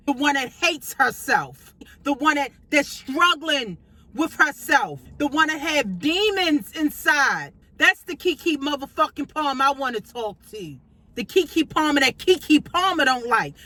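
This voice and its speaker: A vlogger from Baltimore, USA, rants from inside her car in a confrontational, profane monologue, repeating lines for emphasis. Her voice is bright and sits high, and the recording quality is low.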